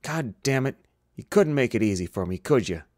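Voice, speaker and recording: A man voicing a gruff, harried male ship's doctor who curses in exasperation. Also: mid-range voice, animated, moderate pace, a little mellow, dry recording, studio quality, close to an everyday voice. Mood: exasperated. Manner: cursing, exasperated.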